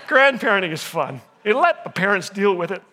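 An older man giving a humorous sermon to a live audience, telling jokes and stories and teasing the crowd when jokes fall flat. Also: sits high, long reverb tail, noisy background. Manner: jokey storyteller, teases the audience. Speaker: chapel speaker.

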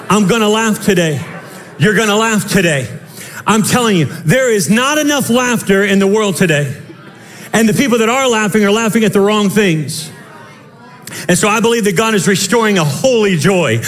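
Man, pastor, sermon, high voice, impassioned, quick asides, shouts. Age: young adult to middle-aged, father of children.

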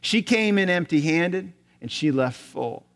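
Guy preaching in church, kinda high voice, long echo, asks the crowd questions, goes quiet a lot. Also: animated, measured pace. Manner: storytelling, rhetorical questions, drops to soft voice. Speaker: pastor. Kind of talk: sermon. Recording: long hall reverb.

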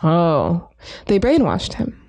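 A woman co-hosting a podcast in casual chat, playful and quick with jokes, laughing often. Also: lowish voice, wildly swooping pitch, a little mellow. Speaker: podcast co-host.

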